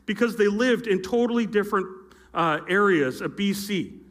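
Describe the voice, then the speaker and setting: A man's voice: high voice, normal speed, a bit bright. A middle-aged man, a youth pastor, telling a story in a sermon from a church stage, with playful asides to his listeners. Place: church stage with a live audience. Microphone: handheld or stage mic with feedback.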